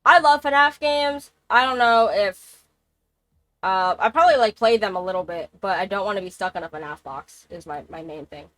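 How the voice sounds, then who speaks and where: A woman's voice: medium pitch, moderate pace, fairly bright tone, dry recording. A woman streaming a game live, chatting in a rambling, casual way and swearing freely. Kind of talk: casual gaming livestream chat.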